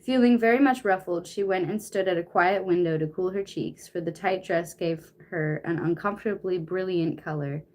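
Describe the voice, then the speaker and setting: A woman's voice: on the low side, normal speed, few pauses, a little mellow. A young woman reading a novel aloud on a stream, flustered, swearing casually and out of breath. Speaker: reader.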